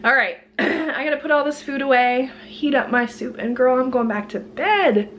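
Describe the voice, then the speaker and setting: A woman's voice: high voice, moderate pace, slight background noise. A woman chatting casually through her grocery haul at home, chatty and worn out from being sick. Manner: chatty, lively price rundown, frequent laughs. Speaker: vlogger.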